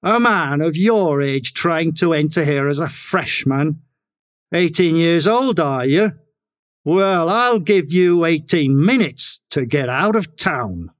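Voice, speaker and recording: A man reading aloud and voicing a stern middle-aged college registrar, stiffly formal and prone to shouting. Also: on the high side, expressive, takes it slowly, voice pushed up. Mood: furious. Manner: stiffly polite, then shouting.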